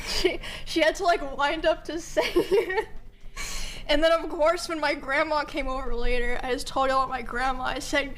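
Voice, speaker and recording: A woman's voice: high voice, fairly even intonation, moderate pace, a bit bright, faint music behind. A young woman streamer casually telling family stories to her chat, chatty and giggling, with 'like' in nearly every sentence. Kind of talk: casual storytelling to a live chat.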